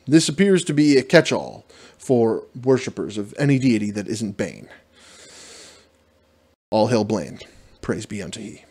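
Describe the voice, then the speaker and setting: A man reading a solo fantasy adventure aloud as dungeon master, in an ordinary mid-range voice. He trips over the fantasy names and laughs at himself in quick asides. The reading itself is steady and plain. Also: medium pitch. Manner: self-deprecating, stumbles over fantasy names.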